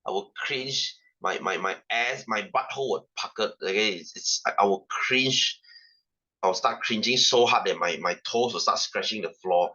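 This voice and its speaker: A man's voice: on the low side, normal speed, pushed and bright, dull audio. A male science tutor with a Singaporean English accent, teaching an online class, repeating himself and firing rhetorical questions with ranting asides.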